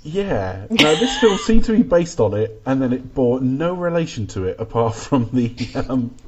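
A man's voice: medium pitch, very animated, moderate pace, darkish tone. Chatty male podcast host, dull audio. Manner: chatty, with restarts. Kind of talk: casual film chat.

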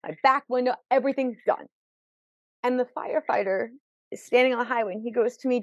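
This woman talks fast in a slightly high voice while sharing a vivid personal tale on a podcast, acting out quoted people and repeating words in emotional moments. The recording is dry, with the highs cut off.

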